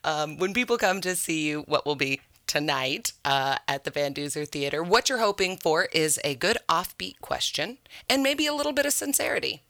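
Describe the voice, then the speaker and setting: Lively, bright-voiced interviewer. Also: mid-range voice, moderate pace, hardly any pauses, no room sound, studio quality. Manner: laughs often, playful questions. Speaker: radio interviewer. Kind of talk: radio interview.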